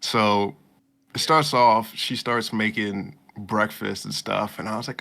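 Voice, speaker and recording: Gravelly low-voiced man recapping casually. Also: fairly even intonation, bright, forceful tone. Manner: loose storytelling with slang and quick mock voices. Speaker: podcast co-host. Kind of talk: casual anime recap chat.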